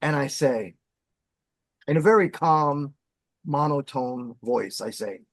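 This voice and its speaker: A man telling a story as a podcast guest, animated and dramatic in his delivery. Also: medium pitch, slow, no echo. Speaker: podcast guest, former bassist. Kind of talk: storytelling in casual chat.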